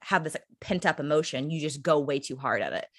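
A woman's voice: sits low, expressive, fast talker, dry recording, clean studio sound. A woman co-hosting a casual chat podcast, blunt and opinionated, swearing freely. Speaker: podcast co-host.

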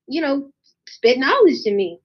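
A woman's voice: high voice, measured pace. A young woman, a singer, telling a story in a casual interview, acting out the voices of the people in it. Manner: animated, acts out voices in her anecdotes. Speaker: guest artist. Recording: dull lo-fi sound.

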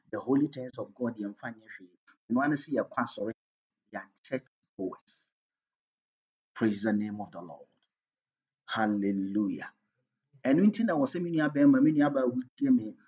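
A Ghanaian-accented man preaches with a slightly husky, breathy voice at a middling pitch. He drives his points home emphatically, swinging between loud declarations and quieter asides. The recording is dull and lo-fi. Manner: emphatic preaching, switching between English and Twi, loudness rising and falling. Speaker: pastor. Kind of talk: sermon.

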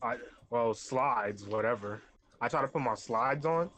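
A man's voice: medium pitch, unhurried, a bit bright, slight background noise. A man in a casual podcast chat, telling a story in loose slang.

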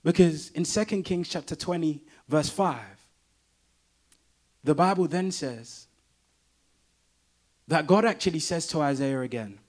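A man's voice: on the high side, unhurried, long pauses, a little mellow. A man preaching a sermon in an emphatic, repetitive way that builds intensity.

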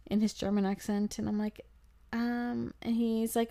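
A young woman hosting a podcast, telling a travel story in a chatty, animated way, full of fillers and acted-out quotes. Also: a little high, moderate pace, creaky. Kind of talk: casual storytelling.

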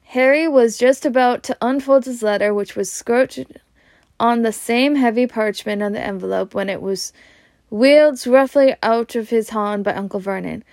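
A woman's voice: on the high side, moderate pace, darkish tone, dry recording. A woman reading a novel aloud, often stumbling over words and restarting. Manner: stumbling, frequent restarts, self-laughing. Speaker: amateur reader.

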